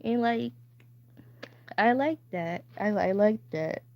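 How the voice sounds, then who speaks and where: A woman's voice: mid-range voice, slow pace, no echo. A woman streamer chatting casually, rambling and stammering playfully. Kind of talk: casual chat. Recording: dull dry recording.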